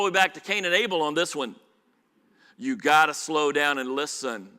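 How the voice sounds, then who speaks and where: A man preaching a live sermon, his voice a little high and strikingly bright and forceful. He swings from loud, driving emphasis to hushed asides and keeps asking the congregation questions. A long hall reverb trails each phrase through the church. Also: expressive, moderate pace. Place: church sanctuary.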